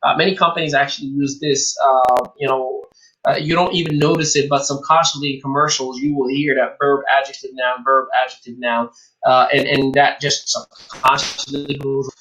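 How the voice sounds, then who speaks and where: A man giving a motivational business talk as a coach, energetic, acting out both sides of sales conversations, with English as a second language. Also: medium pitch, normal speed, low-quality recording. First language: not English.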